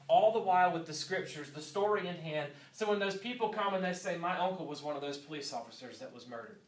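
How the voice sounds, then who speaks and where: A man's voice: a little high, a bit bright, far from the mic. A man in his thirties, a pastor delivering an earnest sermon and repeating key lines for emphasis. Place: church sanctuary. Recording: echoey church room, voice from off-mic.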